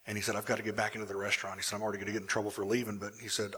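A male pastor telling a personal story in a sermon, animated at times and hushed in the emotional moments. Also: fairly low pitch, very fast, slightly rough.

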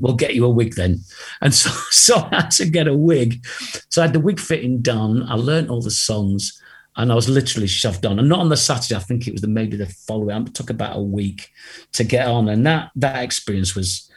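A husky, fairly low-voiced middle-aged man tells a rambling anecdote as an interview guest. He acts out the people in his story and laughs along the way. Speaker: guest singer.

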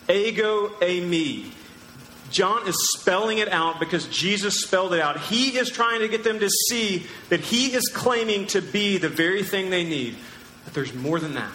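A pastor preaching a sermon, teaching emphatically and asking the crowd questions. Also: male voice, high-pitched, sharp tone, a little hiss or hum. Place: large church hall. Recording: echoey church hall with long reverb.

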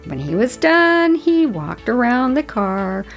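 A woman in her late fifties hosting a podcast, telling a story in an earnest, chatty way and giving gentle advice. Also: fairly high pitch, sing-song, slow, soft background music. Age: 50s. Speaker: podcast host. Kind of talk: reflective solo storytelling.

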